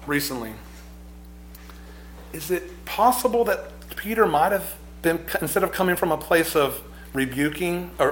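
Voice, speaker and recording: A male preacher delivers a slow, searching sermon, often repeating himself as he works toward a point. His voice sits a touch high for a man. The room around him is echoey. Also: fairly bright tone, a little hiss or hum. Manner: reflective, repeats phrases, swells in emphasis.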